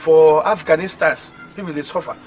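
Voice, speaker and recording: An actor with a Nigerian accent playing an excitable young village man who laughs and boasts about his plans. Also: a little high, a little fast, soft background music, lightly acted. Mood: scheming. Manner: exclaiming, laughing often, animated. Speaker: actor in a comedy film. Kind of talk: Pidgin comedy film acting. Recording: dull lo-fi film audio.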